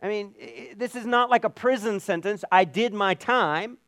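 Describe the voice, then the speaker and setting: A man's voice: high voice, moderate pace, a bit bright, dry recording. A man preaching a sermon in an earnest way, often repeating words as he builds a point. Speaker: pastor.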